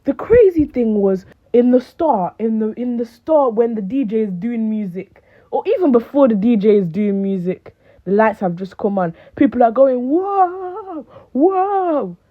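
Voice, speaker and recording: A woman's voice: on the high side, normal speed. Chatty young woman, thin phone-like sound. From United Kingdom. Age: late teens. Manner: animated, rambling, lots of fillers. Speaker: vlogger. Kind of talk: casual chat to camera.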